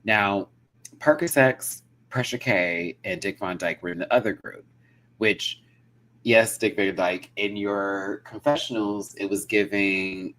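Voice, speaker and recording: A man hosting a live review of a show in casual, animated, giggly chat. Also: lowish voice, takes it slowly, a little hiss or hum.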